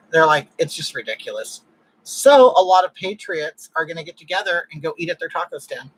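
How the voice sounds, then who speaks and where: A man's voice: on the high side, expressive, moderate pace, a bit bright, slightly rough, poor audio. A man from California hosting a casual livestream chat, ranting bluntly with strong opinions. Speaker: livestream host.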